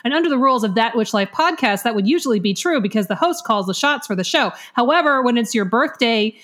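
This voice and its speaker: A playful American woman co-hosting a casual podcast. Her voice sits a little high, and she teases her friends with mock seriousness. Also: expressive, fast talker, fairly bright tone. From United States. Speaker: podcast co-host.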